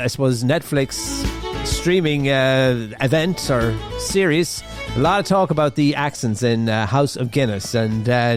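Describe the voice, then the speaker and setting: A man hosting a radio show, chatting casually through the news with a rambling manner and lots of fillers and restarts. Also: medium pitch. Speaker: radio host. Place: radio studio.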